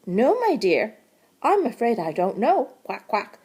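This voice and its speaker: A fussy, gossipy duck from a storybook, played by a woman quacks in the middle of her sentences. She sounds louder and fuller than the narrator, with a breathy edge. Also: a little high, sing-song, measured pace, heavily acted. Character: gossipy, motherly female duck.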